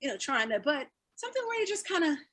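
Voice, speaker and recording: Woman, high voice, bright tone, encouraging workshop leader, laughs a lot. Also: quick pace. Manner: laughs often, energetic and encouraging. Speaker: fitness speaker leading a wellness talk. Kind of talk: live online wellness workshop.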